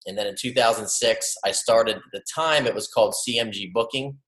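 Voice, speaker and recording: A man's voice: fairly low pitch, brisk, a bit bright, reverberant, poor audio. A man in his late thirties from Cincinnati, a friendly, easygoing podcast guest speaking over a remote call. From Cincinnati, Ohio. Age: 30s. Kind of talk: casual interview talk.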